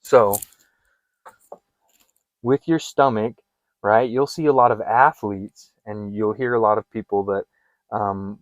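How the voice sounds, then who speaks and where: A man's voice: fairly low pitch, darkish tone, no room sound, lo-fi sound. Earnest man coaching a breathing exercise. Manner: earnest, direct, addresses listener with repeated commands. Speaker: fitness and wellness coach. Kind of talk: guided breathing instruction.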